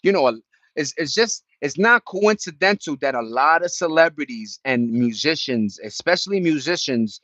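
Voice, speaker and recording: A man's voice: on the high side, expressive, moderate pace, a bit bright, no room sound. A young man hosting a casual chat, rambling in slang with many restarts. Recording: dull dry lo-fi sound.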